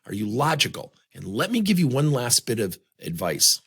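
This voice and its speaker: A man's voice: mid-range voice, big pitch swings, normal speed, vocal fry, few pauses, fairly bright tone, breathy edge. A man giving a motivational talk on communication, leaning on many rhetorical questions. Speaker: speaker on communication.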